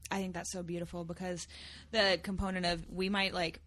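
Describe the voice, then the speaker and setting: A woman's voice: lowish voice, level tone, brisk, fairly bright tone. A woman hosting an interview in an enthusiastic, affirming way. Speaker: host. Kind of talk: interview host chat.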